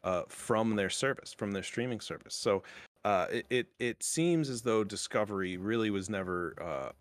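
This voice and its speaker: A man hosting a casual podcast chat, talking in a halting way with many fillers and restarts. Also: lowish voice, no room sound. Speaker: podcast host.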